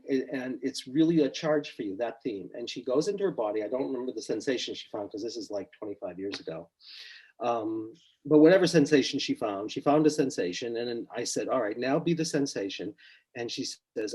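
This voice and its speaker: A middle-aged man, a psychotherapist, relaxed and storytelling in a podcast interview, quietly acting out his clients' words. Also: mid-range voice, slightly rough, poor audio. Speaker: psychotherapist guest.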